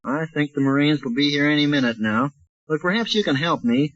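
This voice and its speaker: A man hosts a 1940s radio comedy show, rattling off a spoof newsreel with brash, wisecracking patter. His voice sits a little high. The sound is dull and muffled, like an old radio transcription. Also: fairly quick, a bit bright.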